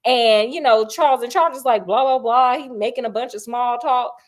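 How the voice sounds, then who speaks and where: A woman storyteller retelling a classic mystery in an animated, slangy way, asking her listeners questions. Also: a little high, moderate pace.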